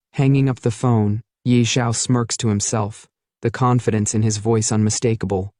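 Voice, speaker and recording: A man's voice: lowish voice, fairly even intonation, moderate pace, a little mellow, dry recording. Guy narrating a comic recap, dramatic, dry close mic. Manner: dramatic storytelling.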